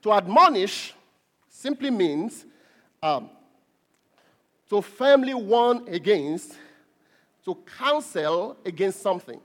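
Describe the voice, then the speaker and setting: A middle-aged male pastor preaching a sermon, emphatic, with repeated words that build to loud peaks. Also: sits high, very animated, takes it slowly, long pauses.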